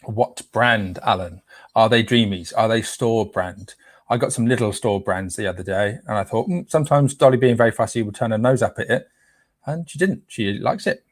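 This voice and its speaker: A man's voice: lowish voice, normal speed, dry recording. Guy rambling through a live stream, jokey, dry sound, stumbles on names. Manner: playful, chatty, trips over names while reading. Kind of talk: casual live stream chat.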